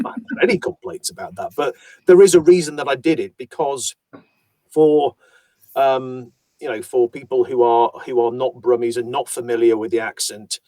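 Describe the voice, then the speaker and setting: A man from Yorkshire, an audiobook narrator, chatting about his voice work in an animated storytelling manner. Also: mid-range voice, normal speed, dry recording. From Yorkshire, England. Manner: animated, chatty storyteller who slips into accents. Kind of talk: casual conversation about voice work.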